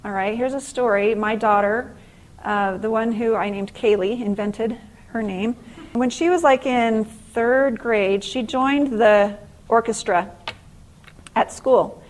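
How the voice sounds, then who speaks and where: A middle-aged woman giving a faith-based motivational class at a conference, telling stories with lively acted-out exclamations. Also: a little high, slow pace, a little hiss or hum, low-quality recording. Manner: animated storytelling, acting out exclamations. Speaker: conference speaker and author.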